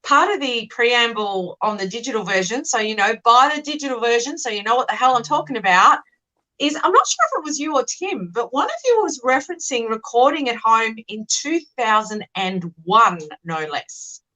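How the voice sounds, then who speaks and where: A woman's voice: a little high, expressive, moderate pace, bright, forceful tone, rough recording. A woman co-hosting an interview over a video call, cheeky and playfully swearing. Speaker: co-host. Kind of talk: casual interview chat.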